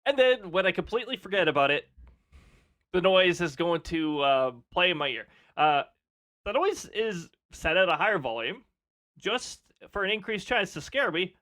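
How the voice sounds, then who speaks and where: A man's voice: high voice, expressive, moderate pace, sharp tone. A man chatting casually on a live stream, laughing often and reading off weather details.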